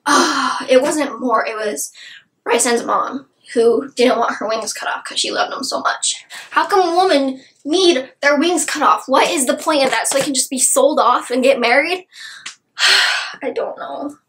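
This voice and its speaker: A woman's voice: sits high, measured pace, a bit bright, a little hiss or hum, poor audio. A woman gushing about a book she loved in a casual, rambling review, full of "like" and asides.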